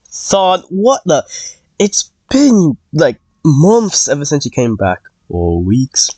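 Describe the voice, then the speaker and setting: Loud, crude young man gaming. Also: a little high, takes it slowly, no echo. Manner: loud, crude, animated joking. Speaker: gamer. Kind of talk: gaming banter and voice chat.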